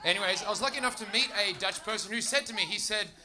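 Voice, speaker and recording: A young Australian man with an Australian accent doing a stand-up comedy set on a club stage, telling stories in a quick, chatty way with bursts of laughter. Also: high voice, a crowd in the background.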